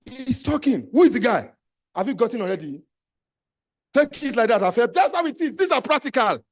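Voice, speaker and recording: An entrepreneurship trainer with a Nigerian accent gives a live motivational talk, his voice high for a man with big pitch swings and a fairly quick pace. He is emphatic and exhorting, repeats commands to the audience, and slips into Pidgin phrases.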